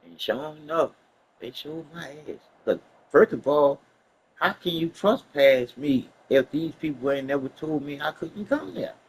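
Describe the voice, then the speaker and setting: A man telling a story casually, animated and profane, laughing along the way. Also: a little high, unhurried, a little hiss or hum, poor audio.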